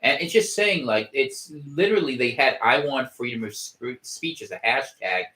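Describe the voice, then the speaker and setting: A man's voice: medium pitch, lively intonation, normal speed, pushed and bright. A man hosting a casual podcast livestream from home, rambling with wry gallows humor and frequent restarts. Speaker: podcast host. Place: home room.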